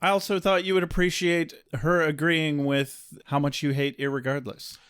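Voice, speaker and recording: A man's voice: fairly high pitch, little pitch movement, normal speed, fairly bright tone, clear, resonant tone. A man co-hosting a podcast, chatting in a playful, teasing way. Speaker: podcast co-host. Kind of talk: casual chat.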